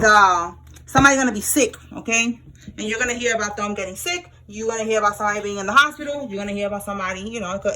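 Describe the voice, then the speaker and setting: Bright, brash woman tarot reader. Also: fairly high pitch, rough recording. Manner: blunt, slangy, laughing, swears freely; repeats "okay?" and "all right?" to the viewer. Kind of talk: casual tarot reading.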